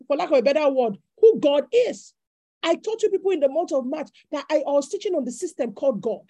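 High-voiced woman preaching emphatically. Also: mellow, dry recording. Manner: emphatic, repetitive preaching cadence. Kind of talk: sermon.

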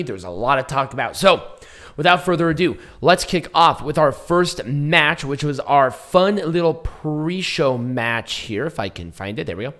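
A young man hosting a casual wrestling review podcast, hoarse from losing his voice, his voice squeaking and breaking as he rambles and laughs at himself. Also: sharp tone. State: hoarse, lost voice, voice cracking. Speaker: podcast host.

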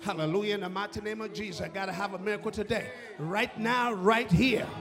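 High-pitched gravelly preacher man. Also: fast talker, music in the background. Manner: emphatic, shouting to the congregation. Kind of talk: sermon.

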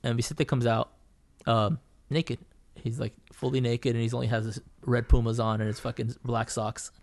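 A man's voice: mid-range voice, flat delivery, normal speed, a little mellow. Profane, rambling man telling a story. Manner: profane, rambling, full of fillers and restarts. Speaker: podcast guest, painter. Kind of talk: casual storytelling chat.

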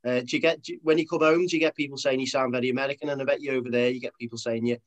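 A man's voice: mid-range voice, fairly even intonation, rapid-fire, low-quality recording. A man hosting a casual interview, asking long, rambling, friendly questions. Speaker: podcast host.

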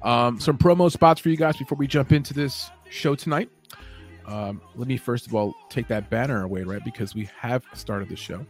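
A man's voice: mid-range voice, normal speed, faint music behind. A man hosting a late-night podcast, talking casually and rambling, with many fillers and self-corrections. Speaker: podcast host. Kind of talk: casual show announcements.

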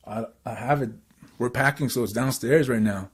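Excitable rambling Canadian storyteller man. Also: mid-range voice, normal speed, breathy edge. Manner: excitable, rambling, lots of fillers. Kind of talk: casual storytelling.

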